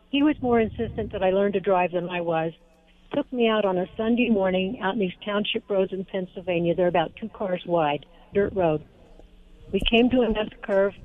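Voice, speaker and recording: An older woman calling in to a radio show, telling a story in an easygoing, amused way. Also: medium pitch. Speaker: caller. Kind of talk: phone-in storytelling. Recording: tinny phone line.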